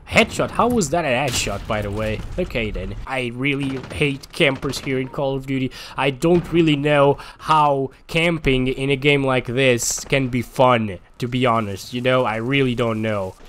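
A man giving live gameplay commentary as host of a gaming channel, excitable and swinging between muttering and frustrated shouts. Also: medium pitch, unhurried, a little hiss or hum.

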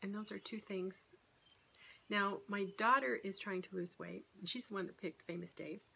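A woman's voice: medium pitch, normal speed, gravelly, pushed and bright, slight background noise. A middle-aged woman talking candidly and rambling in a casual vlog about her weight-loss surgery. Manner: rambling, candid, self-deprecating.

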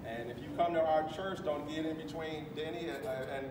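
A man in his fifties giving an emotional retirement speech, warmly thanking friends and colleagues and laughing often. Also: a little high, normal speed. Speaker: retiring chief master sergeant giving his farewell speech. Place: large ceremony hall on a military base. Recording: echoey hall from far off, with crowd and noise. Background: audience murmuring and laughing.

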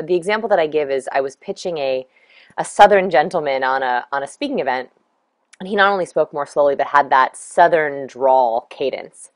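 A woman's voice: sits low, no room sound. A middle-aged woman instructor talking through a recorded lesson, friendly and explanatory, listing tips one by one. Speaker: course instructor.

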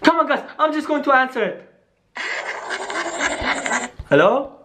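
A vlogger in a staged scary phone-call skit, excitable and talking straight to viewers, dropping into hushed tones at times. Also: high-pitched, measured pace, background noise. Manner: excitable, keeps saying "guys", drops to hushed tones.

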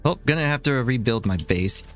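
A man's voice: lively intonation, fairly quick. Frustrated swearing gamer man. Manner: swears and shouts in frustration, pitch jumping high. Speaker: let's play gamer. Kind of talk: gameplay commentary. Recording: faint game music behind voice.

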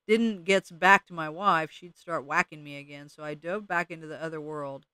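A man doing a slow, drawling old mole. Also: fairly high pitch, fairly even intonation, pushed and bright, smooth, no echo. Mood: rambling. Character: slow, dim, henpecked male mole.

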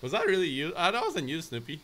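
A man hosting a game stream, bantering loudly with friends and greeting chat viewers. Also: fairly high pitch, quick pace. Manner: excitable, loud outbursts, greets chat viewers. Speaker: gaming streamer host. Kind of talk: excited gameplay banter. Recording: noisy game stream audio.

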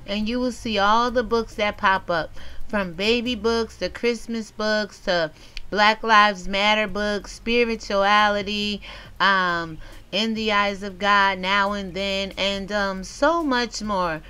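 Responding to comments from her viewers, this female vlogger is loud, lively and profane, often cracking herself up. She speaks slowly at a medium pitch over a rough recording.

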